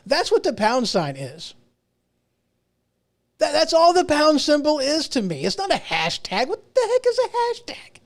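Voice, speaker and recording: A man's voice: high voice, a little mellow. A middle-aged man hosting a podcast, ranting casually on his own, rambling and restarting his sentences with self-mocking asides. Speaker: podcast host. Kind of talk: casual solo rant.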